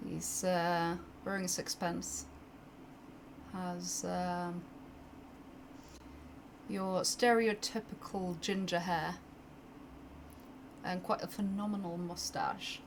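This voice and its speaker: Woman, game master, slow, hesitant, faint hiss. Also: lowish voice. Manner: relaxed, hesitant, with fillers. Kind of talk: narrating a tabletop game.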